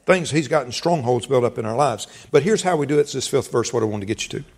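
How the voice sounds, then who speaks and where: A man's voice: medium pitch, animated, quick pace, slightly rough. A middle-aged man, a pastor, preaching a sermon in a folksy storytelling way, laughing and quoting conversations as he goes.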